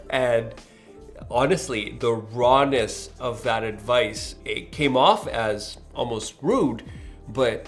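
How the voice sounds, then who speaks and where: An earnest young man tells his own story with a gravelly, fry-laden voice at a middle pitch. Faint music sits behind him. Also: slow pace. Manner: earnest, animated storytelling with acted-out quotes. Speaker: mortgage specialist. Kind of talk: reflective storytelling monologue.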